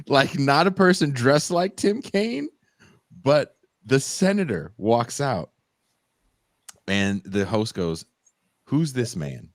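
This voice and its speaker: A man's voice: mid-range voice, dry recording. A man co-hosting a casual political podcast, retelling a comedy sketch with lots of swearing. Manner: animated storytelling, swears often. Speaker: podcast co-host.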